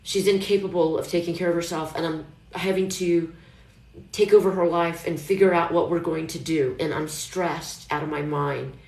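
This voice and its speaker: A middle-aged woman talks casually on a live stream, wandering from thought to thought in a low voice. She sounds chatty and self-reassuring. Her voice carries an echo from the room. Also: fairly even intonation, normal speed, gravelly, a little mellow. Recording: echoey room.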